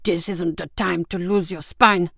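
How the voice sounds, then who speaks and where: A woman's voice: lowish voice, steady tone, a little slow, gravelly, fairly bright tone, dry recording, studio quality, exaggerated voice. Woman voicing a cool-headed stern young man. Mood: tense. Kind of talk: audiobook character voice.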